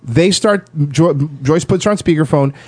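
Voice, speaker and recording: Man, fairly high voice, casual storytelling, swears, laughs, dry close mic. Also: moderate pace, no room sound. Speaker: podcast co-host.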